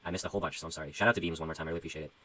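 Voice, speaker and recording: A man's voice: rumbling low, fairly even intonation, rapid-fire, pushed and bright, poor audio. A young man who talks casually and profanely as he rambles on a livestream, reading out donations and musing about his music. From Canada.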